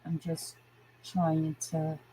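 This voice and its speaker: A woman's voice: deep voice, monotone, very slow, dark tone, a little hiss or hum, poor audio. An older woman hosting a live stream, ranting indignantly and greeting viewers by name, stuffy from a sinus infection. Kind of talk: casual live-stream chat.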